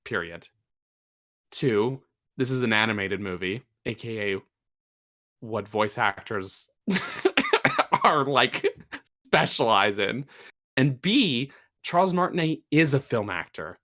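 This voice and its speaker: A man's voice: mid-range voice, animated, slow, long pauses, fairly bright tone. Chatty man co-hosting a podcast. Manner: chatty, rambling with restarts and fillers. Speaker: podcast co-host. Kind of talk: casual podcast chat.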